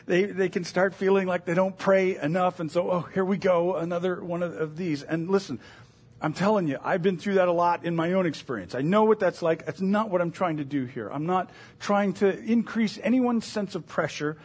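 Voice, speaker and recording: A man's voice: high voice, slightly rough. A middle-aged man preaching a sermon as a pastor, in an earnest, conversational way with self-deprecating asides.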